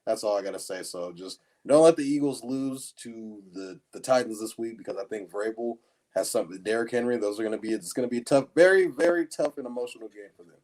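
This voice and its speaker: A man's voice: medium pitch, fast talker, a little mellow. A man co-hosting a casual sports podcast, talking in a sarcastic, mock-gloomy way and dropping "man" often. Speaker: podcast co-host.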